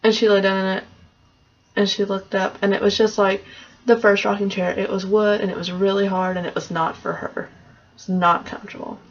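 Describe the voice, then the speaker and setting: A woman's voice: mid-range voice, level tone, moderate pace. A woman casually retelling a fairy tale in a loose, conversational way, on a dull lo-fi recording. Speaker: storyteller.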